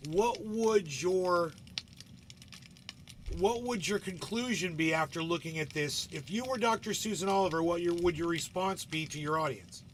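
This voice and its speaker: A man hosting a casual livestream, talking in a loose, rambling way and swearing freely. He keeps checking in with his listeners with a quick "right?". Faint keyboard typing sits in the background, and his voice is slightly high for a man. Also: slight background noise. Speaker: livestream host. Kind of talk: casual live commentary.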